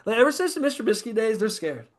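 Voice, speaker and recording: A man's voice: high-pitched, very animated, racing. A man co-hosting a casual sports podcast, rambling and profane about football teams. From American Midwest. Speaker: podcast co-host.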